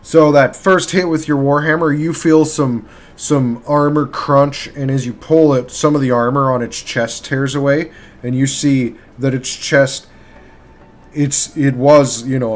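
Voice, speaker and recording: A man narrating as game master for a live tabletop game, halting and filler-heavy as he describes the action. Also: mid-range voice. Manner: halting, with many fillers and restarts. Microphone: streaming mic.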